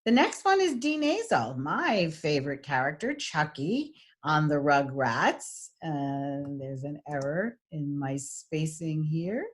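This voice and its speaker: A woman teaching an online lesson on voice qualities, chatty with many fillers, demonstrating each quality with deliberate exaggeration. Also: low voice, sing-song. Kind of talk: online lecture.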